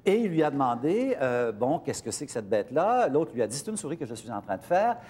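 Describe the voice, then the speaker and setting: A man with a Quebec French accent, a talk show co-host translating for the audience with quick asides. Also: medium pitch, slightly rough. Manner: quick, animated, interjecting.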